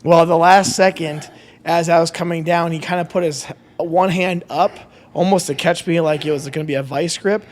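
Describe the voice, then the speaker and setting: A man hosting a podcast, telling anecdotes in an easygoing, animated way and thanking his guest. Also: a little high, fairly quick. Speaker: podcast host. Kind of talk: casual interview.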